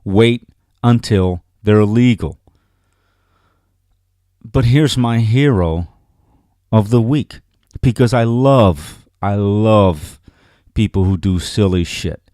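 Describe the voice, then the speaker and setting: Exasperated low-voiced man ranting. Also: slow, mellow, no echo, clean studio sound. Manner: exasperated, repeats "you know what I mean". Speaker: podcast co-host. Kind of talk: profane ranting commentary.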